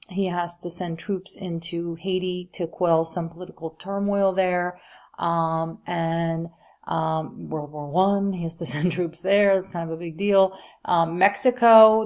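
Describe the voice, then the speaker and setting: A woman's voice: on the low side, a little mellow. Chatty woman teaching a history lesson. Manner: chatty, filler-heavy, asides to students. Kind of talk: recorded classroom lecture over slides.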